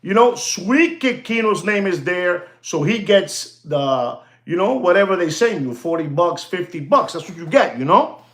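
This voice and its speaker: A man on his own channel, venting to his viewers in a loose, meandering rant. He sits a little higher in pitch than most men and keeps circling back with "you know" and "ladies and gentlemen" as he repeats his points. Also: expressive, unhurried, roomy sound. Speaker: watch channel content creator.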